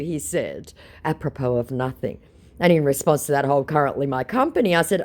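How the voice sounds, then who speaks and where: A woman's voice: deep voice, very animated, brisk, darkish tone. An Australian woman narrating chats with scammers in a sarcastic, mocking way. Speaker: scambaiter host. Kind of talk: storytelling commentary, reading out chats.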